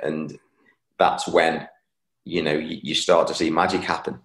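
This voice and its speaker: Deep-voiced dude interviewing, chill and measured, says mate, roomy echo. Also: male voice, little pitch movement, vocal fry, fairly bright tone. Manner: measured, calls guest "mate", lots of "you know". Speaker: interviewer host. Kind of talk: casual interview chat. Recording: roomy echoey sound.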